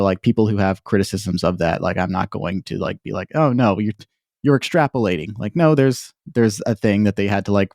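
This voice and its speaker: A man's voice: low voice, a little mellow, dry recording, clean studio sound. A man hosting a casual podcast discussion, talking in long rambling sentences full of fillers and restarts. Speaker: podcast host.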